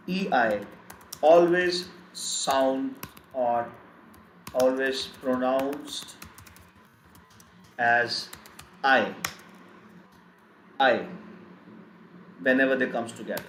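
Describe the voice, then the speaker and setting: A man teaching a live online German lesson, speaking slowly and repeating each word several times. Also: mid-range voice, a bit bright. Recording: echoey room, faint background noise.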